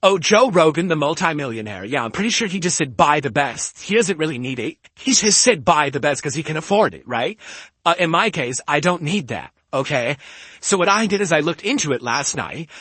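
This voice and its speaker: A man streaming from home argues his point emphatically and keeps asking "okay?" in casual stream talk. His voice is a little high for a man, very animated, a little fast, fairly bright and husky. He speaks right into a close-up studio podcast mic, so the sound is dry with no room in it.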